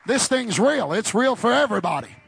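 A man preaching a sermon, calling out to the congregation and building to shouted, fervent climaxes. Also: very high voice, big pitch swings, fairly quick, creaky, husky, no echo. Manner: call-and-response with congregation; speaks in tongues in prayer.

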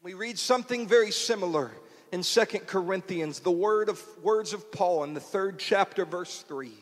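A man preaching a sermon in a portable church, using rhythmic repetition that builds to shouts. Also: high voice, normal speed, big-room sound.

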